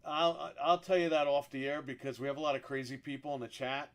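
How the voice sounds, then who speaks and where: A man's voice: medium pitch, quick pace. Profane, rambling male live streamer. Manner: profane, rambling and animated when telling stories. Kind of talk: casual live-stream chat.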